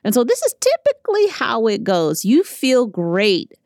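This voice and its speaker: A woman in her thirties hosting a podcast, telling stories in a casual, animated way and acting out what people said. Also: a little high, unhurried, dry recording, studio quality. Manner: chatty, animated storytelling with acted-out quotes. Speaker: podcast host. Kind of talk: casual solo podcast talk.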